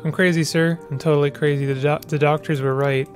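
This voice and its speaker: A man's voice: a little high, little pitch movement, brisk, soft background music, natural voice. A man voicing a frightened little girl. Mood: distraught.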